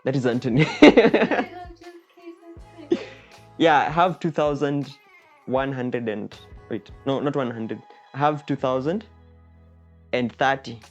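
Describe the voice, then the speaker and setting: A woman hosting a playful cooking vlog, goofy and exaggerated, with sudden loud outbursts. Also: a bass voice, measured pace, lo-fi sound, faint music behind. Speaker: cooking vlogger.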